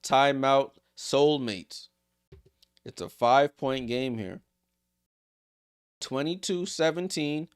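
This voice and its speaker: A man streaming a live watchalong, giving casual play-by-play and chatting with viewers, voice jumping up on big plays and dropping low for side remarks. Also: slow pace, long pauses, clear, resonant tone. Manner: excitable, rises in pitch on big plays, drops low and quiet for side remarks; chatty, laughs and talks to the chat. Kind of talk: casual live play-by-play commentary with chat asides.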